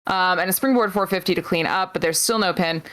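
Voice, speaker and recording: A woman co-hosting a podcast, casually recapping wrestling matches move by move with frequent pauses. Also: on the low side, a bit bright. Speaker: podcast co-host.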